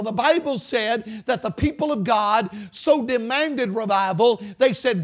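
A man's voice: extremely high pitch, moderate pace, hardly any pauses. A male preacher giving a revival sermon, with rhythmic, emphatic phrasing and call-and-response lines to the congregation.

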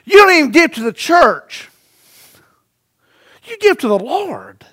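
High-voiced man preaching a sermon. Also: sing-song, slow pace. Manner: dynamic preaching, swings from loud to hushed; rhetorical questions to the congregation. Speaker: pastor.

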